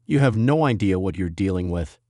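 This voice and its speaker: A man's voice: deep voice, expressive, a little fast, darkish tone, no room sound, clean studio sound. A man voicing a rattled, arrogant veteran judge who stammers and turns desperate. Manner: stammering, defensive, increasingly desperate.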